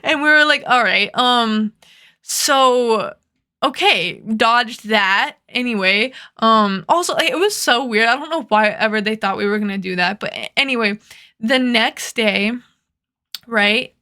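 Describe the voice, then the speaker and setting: Young woman, casual storytime vlog, rambling and profane, slightly high voice. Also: a little slow, bright, forceful tone. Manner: rambling, profane, heavy "like" filler. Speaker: vlogger.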